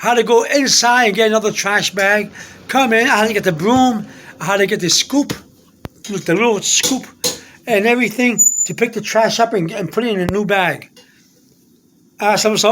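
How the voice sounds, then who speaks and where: A man telling a personal faith story in a rambling, halting way, repeating himself and restarting often. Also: high-pitched, a bit bright.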